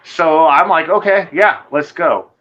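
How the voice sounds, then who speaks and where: A man telling a personal encounter story in casual conversation, rambling and animated, swearing and acting out what people said. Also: a little high, unhurried, muffled recording. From Michigan. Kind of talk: casual storytelling on a live show.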